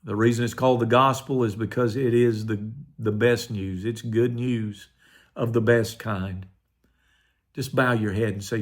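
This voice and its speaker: An older man, a pastor, telling his personal testimony in an earnest, quietly emotional way. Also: on the low side, steady tone, a little slow.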